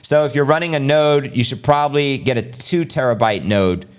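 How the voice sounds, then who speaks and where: A middle-aged American man hosting a casual crypto livestream, energetic and slangy, reading and answering viewer comments. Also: mid-range voice, smooth. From United States. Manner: energetic, fast-paced, slangy.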